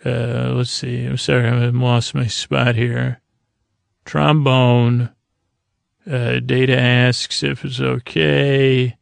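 Male podcast host, very gravelly and monotone, halting, filler-heavy recap read from notes, dry close sound. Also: medium pitch, dry recording. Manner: halting, many fillers, loses his place. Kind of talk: casual episode recap from notes.

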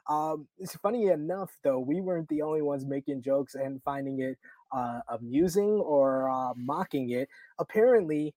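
Guy in his 30s hosting a wrestling chat, mellow voice, dry close mic. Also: on the high side, normal speed, dry recording. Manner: rambling, filler-heavy, laughs loudly. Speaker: wrestling podcast host. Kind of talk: casual chat.

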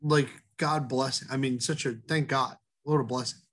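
A man's voice: mid-range voice, steady tone, fairly bright tone. Middle aged baker guy talking earnestly in an interview, lots of ums and restarts. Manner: earnest, halting with many fillers and restarts. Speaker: guest, head baker. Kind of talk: casual interview talk.

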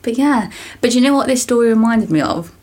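A woman's voice: a little high, expressive, brisk, a little mellow. A young woman co-hosting a podcast, telling rambling stories in casual chat and often giggling. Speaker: podcast co-host.

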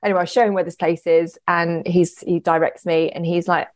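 A woman's voice: fairly low pitch, little pitch movement, a little fast, few pauses, darkish tone, no echo. A young woman casually telling a story, chatty and swearing, acting out the voices she quotes.

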